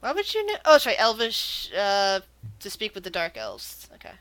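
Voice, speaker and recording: A woman game master narrating a tabletop adventure, often restarting her sentences as she describes the scene. Her voice is bright and crisp. The sound is dry and close. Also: mid-range voice, huge pitch swings, moderate pace, no room sound.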